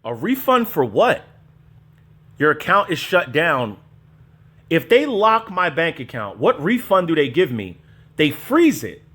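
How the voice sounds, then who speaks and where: A man hosts his show and reacts to clips in casual commentary. He questions them in disbelief, mocks them and swears often. His voice sits a little on the high side. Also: sing-song, unhurried, fairly bright tone, breathy edge. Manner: incredulous, mocking, profane.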